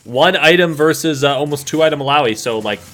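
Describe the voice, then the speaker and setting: Bright-voiced joking male esports caster. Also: fairly high pitch, quick pace. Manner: jokey, playful banter. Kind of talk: play-by-play commentary.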